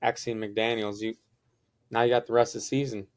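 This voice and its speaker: A young man on a casual sports podcast, weighing things up and asking questions. His voice sits at an ordinary middle pitch. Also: level tone, fairly quick. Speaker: podcast co-host.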